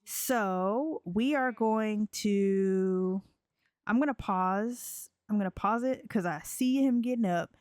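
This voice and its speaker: Slow, giggly woman narrating a sim game. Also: mid-range voice, darkish tone, dry recording, studio quality. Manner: chatty, giggly, slow drawl. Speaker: let's play creator. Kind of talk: casual game commentary.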